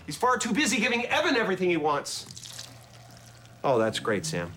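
A man's voice: sits high, wildly swooping pitch, moderate pace, background noise. An actor playing a bitter, self-pitying man who rants sarcastically against God, over a film score. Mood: ranting. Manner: sarcastic, ranting, theatrical.

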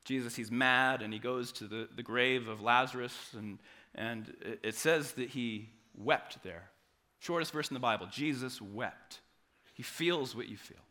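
A man preaching a sermon, moving from hushed, quiet passages to loud, animated retellings. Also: medium pitch, unhurried. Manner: dynamic preaching, drops to soft quiet passages and rises to loud acted quotes. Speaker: pastor.

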